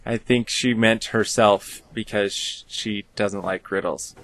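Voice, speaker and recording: A man's voice: lowish voice, steady tone, a little slow, a bit bright, no echo. A man playing a character in a tabletop role-playing game, friendly and curious, asking questions. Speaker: player.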